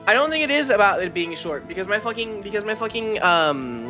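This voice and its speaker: A woman's voice: mid-range voice, lively intonation, brisk, music in the background. A woman streaming a game who chats casually with her viewers, rambling and swearing offhandedly. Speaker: VTuber streamer.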